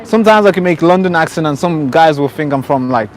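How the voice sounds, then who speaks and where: A man's voice: fairly high pitch, animated, fast. A man live-streaming on a city street at night, chatting casually to his viewers with many restarts. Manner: chatty, restarts often, addresses viewers directly.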